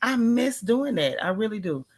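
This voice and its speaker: A woman from Texas hosts a casual early-morning livestream, greeting viewers by name in a half-whisper, a bit worn out after a migraine. Her voice is fairly high and sing-song with a breathy edge, at a moderate pace.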